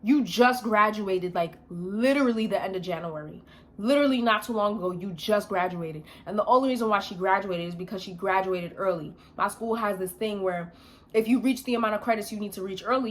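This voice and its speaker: A young woman vlogging, telling a story in a blunt, emphatic rant full of slang. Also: medium pitch.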